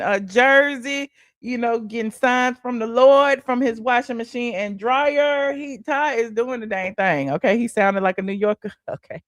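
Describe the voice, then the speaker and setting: Sassy gravelly-voiced woman gossip host. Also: fairly high pitch, no room sound, studio quality. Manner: sassy, chatty, says "honey" and "okay". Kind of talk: casual celebrity gossip livestream.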